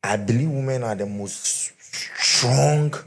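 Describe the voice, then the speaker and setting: A man's voice: medium pitch, slow. A middle-aged man, preaching a sermon through humorous storytelling.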